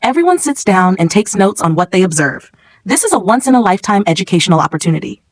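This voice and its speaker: A cruel substitute chemistry teacher speaks with calm, clipped contempt, read by a woman. The sound is dry and close, with no room around it. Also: mid-range voice, fast talker, no room sound. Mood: cold, mocking.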